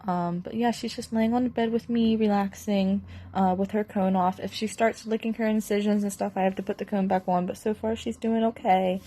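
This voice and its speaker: A woman's voice: medium pitch, steady tone, brisk, hardly any pauses, dark tone, poor audio. A young woman talking casually to camera about her sick dog, worried and rambling with many fillers and restarts. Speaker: pet owner vlogging her dog's recovery. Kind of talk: casual video diary. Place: at home, indoors then yard.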